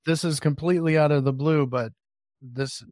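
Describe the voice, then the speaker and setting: A man hosts the interview and asks his questions in short, halting bursts, often restarting. His voice sits somewhat high. The sound is dry and close. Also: fairly even intonation, a little mellow, no room sound. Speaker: podcast host. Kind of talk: podcast interview.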